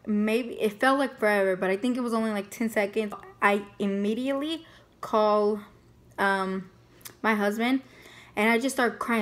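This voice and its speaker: A young woman casually telling a personal story, chatty and full of fillers. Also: fairly high pitch. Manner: chatty, many fillers like "like" and "you know". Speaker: family vlogger.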